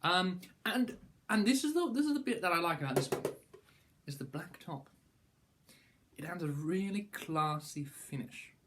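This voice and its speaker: A man's voice: high voice, expressive, normal speed, pauses often, noisy background. A young man giving a casual product review, rambling and playful, with mock-grand praise.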